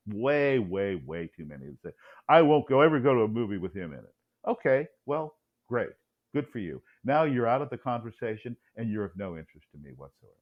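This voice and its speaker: Man, interview guest, combative and blunt, very lively pitch, dull lo-fi sound. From United States. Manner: blunt, combative, acts out quoted exchanges. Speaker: author and cultural commentator, guest.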